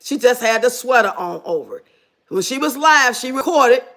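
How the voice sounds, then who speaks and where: Woman ranting over a clip, high voice, sarcastic and preachy. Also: lively intonation, normal speed, fairly bright tone. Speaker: commentary streamer. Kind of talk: reaction commentary.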